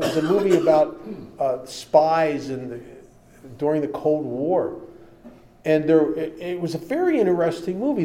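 Man, recovery-story speaker; plain-spoken, humorous, slightly higher voice. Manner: plain-spoken and humorous, shifting between lively and quiet. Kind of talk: personal storytelling talk.

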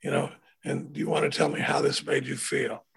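A man telling recovery stories in a relaxed conversational way, acting out the people he quotes. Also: medium pitch, a little fast, creaky, husky. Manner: animated, acts out quoted voices. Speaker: recovery speaker. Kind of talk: conversational storytelling.

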